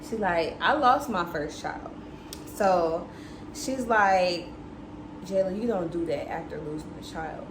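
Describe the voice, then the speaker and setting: A woman's voice: on the low side, slow pace. A young woman telling a candid, chatty story to her viewers, swearing freely as she goes. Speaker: vlogger. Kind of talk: casual storytime chat. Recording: echoey room with background noise.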